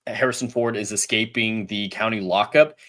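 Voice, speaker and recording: A man co-hosting a casual film discussion, speaking in a measured, analytical way. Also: lowish voice, steady tone, bright, forceful tone.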